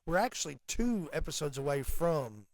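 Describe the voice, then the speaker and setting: A man's voice: fairly high pitch, very animated, moderate pace, no room sound, low-quality recording. A man co-hosting a radio show, chatting casually and pressing his points with earnest emphasis. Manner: earnest, emphatic, gets loud when passionate.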